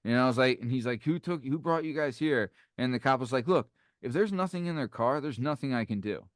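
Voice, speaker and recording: Smooth-voiced man telling a story animatedly. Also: a little fast, no room sound, clean studio sound. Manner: animated, acts out quoted voices with big pitch jumps. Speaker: podcast host. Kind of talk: casual storytelling chat.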